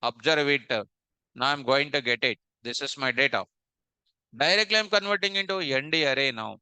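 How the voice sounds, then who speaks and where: A man leads a live coding lesson in a piercing, crisp voice that sits a little high. He repeats his phrases and keeps throwing rhetorical questions at his students. The sound is dry and close. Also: normal speed, sharp tone, dry recording, poor audio. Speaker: programming teacher.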